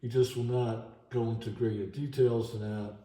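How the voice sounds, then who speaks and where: Middle-aged guy rambling on his vlog, halting and emotional, warm low-key voice, roomy echo. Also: little pitch movement. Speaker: vlogger. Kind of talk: unscripted monologue vlog. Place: at home.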